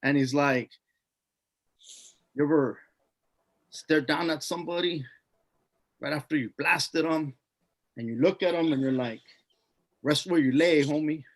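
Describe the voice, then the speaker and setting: A man's voice: fairly high pitch, measured pace, long pauses. Man telling a rowdy, profane story. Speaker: guest. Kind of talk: casual podcast storytelling.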